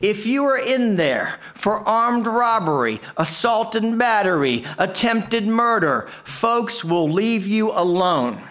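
A man performing a comic tall tale, with a deadpan, punchy delivery. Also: high voice, slow pace, few pauses. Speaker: storyteller.

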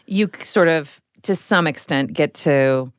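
A woman with a rather low voice hosts a relaxed conversation among friends. She tells stories with animation, lifting her voice to act out quotes. The sound is dry and close to the mic. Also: measured pace, clear, resonant tone, dry recording. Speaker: podcast host. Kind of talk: casual chat.

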